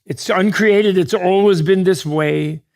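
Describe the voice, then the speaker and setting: A man's voice: high voice, gravelly, a little mellow. A man giving a dharma talk to an audience as a Buddhist teacher, digressive and joking, often restarting mid-thought. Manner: digressive, joking, quick asides with laughs.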